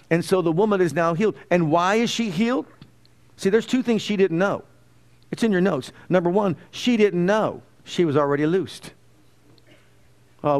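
A man preaching a sermon, animated, often questioning his listeners and acting out the quotes he tells. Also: high voice.

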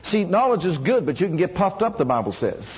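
Male preacher, high and breathy-husky, questioning call-and-response sermon, muffled lo-fi recording. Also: sing-song, a little fast. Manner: asks the congregation questions and has them repeat lines.

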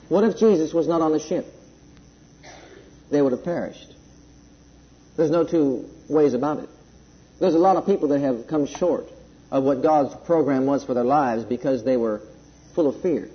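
A man preaching a sermon, emphatic at times and then dropping to a soft, slow delivery, in a dull lo-fi recording. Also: mid-range voice. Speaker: pastor.

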